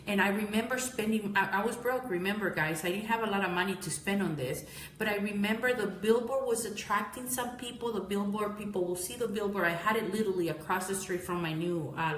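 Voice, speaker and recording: Woman, tired, rambling live-stream talk, mid-pitched voice, echoey room, faint background hum. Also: fairly bright tone. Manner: rambling, self-correcting, addresses viewers as guys. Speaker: business owner giving a live-streamed marketing talk.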